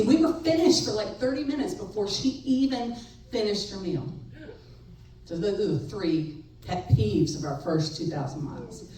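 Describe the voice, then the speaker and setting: Middle-aged woman, storyteller, lively pitch, slightly low voice, far off in an echoey hall with faint noise. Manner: wry, animated, laughs between lines. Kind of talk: live personal storytelling.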